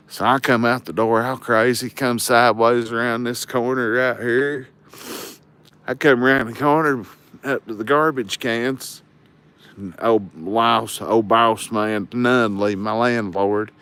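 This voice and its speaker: A man's voice: medium pitch, unhurried, fairly bright tone, clear, resonant tone. A man, telling rambling, profane stories to his livestream viewers. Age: 40s. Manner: loose, crude, rambling storytelling.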